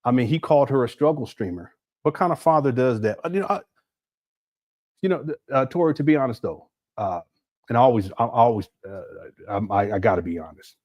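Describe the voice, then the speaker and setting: A man talking casually on a livestream, breaking into laughter often as he reads viewer messages. His pitch swings widely from low mutters to high exclamations, and the sound is dry and close. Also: animated, brisk, darkish tone, no echo. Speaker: livestream host.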